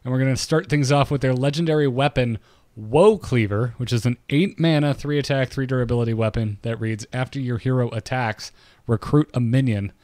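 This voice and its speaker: A man hosting a casual podcast chat about a card game, reading each card's text out in an even, measured way before giving his view. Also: mid-range voice, dry recording. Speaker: podcast host.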